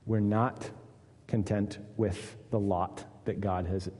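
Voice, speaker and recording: A man's voice: flat delivery, takes it slowly, husky. Earnest preaching man in a reverberant hall. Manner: earnest, dips low and quiet for weight, lifts up to voice Jesus and Peter. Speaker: pastor. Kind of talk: sermon. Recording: long reverb of a church hall.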